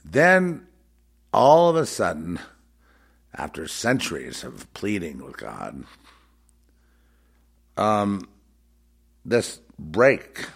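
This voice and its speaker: Slow gravelly man, blunt. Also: deep voice, sing-song. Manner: blunt, repetitive, scornful asides. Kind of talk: unscripted spiritual monologue.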